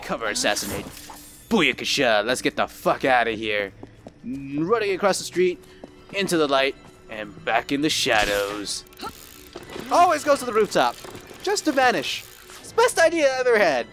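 Chatting casually through a game session, this playful man has a swooping delivery that keeps jumping up and down, though his pace stays moderate. He's a goofy, profane let's player who jokes, swears, and breaks into silly high voices, with soft game music behind him.

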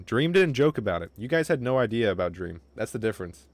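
Excitable young man streaming a game. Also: medium pitch, no room sound. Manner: excitable, swearing, quick outbursts of frustration. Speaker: livestreamer. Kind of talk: casual gaming livestream commentary.

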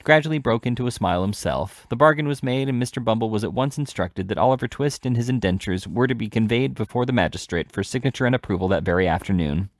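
A man reading a classic novel aloud, steady, with occasional self-corrections. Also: mid-range voice, fast, few pauses, dry recording, clean studio sound. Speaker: audiobook reader.

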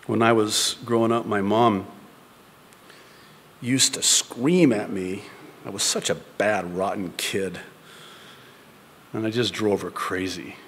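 A male pastor preaching a sermon to a congregation in a church, moving from loud, high-pitched exhortation down to soft whispers. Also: steady tone, slow, long pauses, in a large hall, slight background noise. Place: church before a live congregation.

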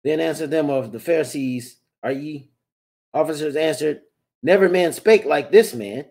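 Man reading scripture aloud, steady delivery, warm and slightly high. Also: moderate pace, vocal fry. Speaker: scripture reader.

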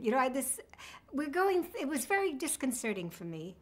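A woman's voice: fairly high pitch, sing-song, moderate pace. A woman, reminiscing in an oral history interview with a wry sense of humor. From United States.

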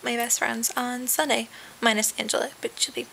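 A young woman chatting into a webcam from her bed, rambling from one aside to the next with lots of fillers. Her voice sits a bit high, and a faint hiss runs under the recording. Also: flat delivery, normal speed, gravelly, sharp tone, rough recording. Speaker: vlogger. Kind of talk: casual webcam vlog. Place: sitting in bed at home.

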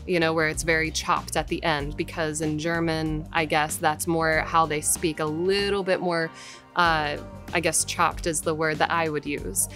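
Low-voiced woman voice actor giving advice. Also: little pitch movement, a bit bright. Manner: explains carefully, deliberate and measured. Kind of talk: casual advice talk. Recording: faint background music.

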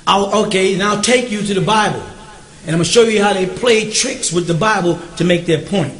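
A man with a fairly high voice leads a question-and-answer class in an emphatic, driving way. He keeps checking that his audience is following along. The sound is roomy and echoey. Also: brisk, fairly bright tone. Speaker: teacher.

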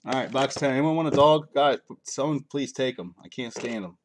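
This is casual livestream commentary from a man doing a card break at home, chattering along and naming every card he pulls from the packs. He speaks briskly in a mid-range voice, and the background is noisy.

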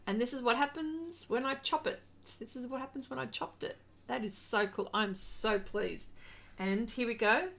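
A middle-aged woman hosting an art livestream, chatting casually, excitable and reading viewer comments aloud as she paints. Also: a little high, moderate pace, vocal fry.

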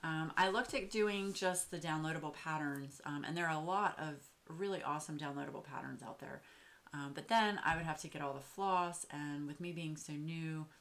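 A woman, chatting casually and excitedly as she shows off craft supplies, with lots of fillers and gushing. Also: deep voice, moderate pace. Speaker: craft vlogger. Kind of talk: casual show-and-tell chat.

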